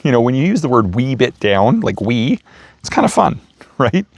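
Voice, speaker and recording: A man giving a casual motivational talk, gentle and playful, chuckling as he stresses words. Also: medium pitch, sing-song, moderate pace, creaky, no echo. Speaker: self-help speaker. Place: outdoors feeding raccoons.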